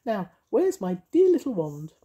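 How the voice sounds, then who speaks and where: An older man voicing a fussy, cooing fairy woman in a high falsetto for a storybook reading. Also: wildly swooping pitch, measured pace, mellow, highs cut off, heavily acted. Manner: cooing, sing-song.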